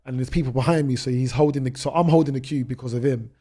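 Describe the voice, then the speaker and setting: A young British man in his twenties speaks as a guest on a podcast, telling travel stories at a rapid clip. His voice is dark and mellow, and he often breaks off and restarts his sentences as he goes. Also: mid-range voice. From United Kingdom. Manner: rapid anecdotes with many restarts. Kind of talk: storytelling in a podcast interview.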